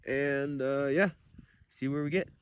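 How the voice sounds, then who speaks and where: A man on a windy high mountain, cold and tired, talking casually and hesitantly with many fillers. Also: steady tone, unhurried, clear, resonant tone, no echo. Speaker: mountain biker on expedition. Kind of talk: casual vlog chat.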